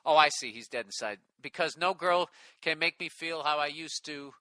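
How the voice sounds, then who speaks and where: A middle-aged man hosts a comedy podcast, reading a listener's email aloud and breaking off to mock it. His voice is bright, forceful and on the high side for a man. It is recorded dry and close to the mic. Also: moderate pace, dry recording. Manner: sarcastic, profane running commentary while reading aloud. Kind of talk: casual comedic podcast banter.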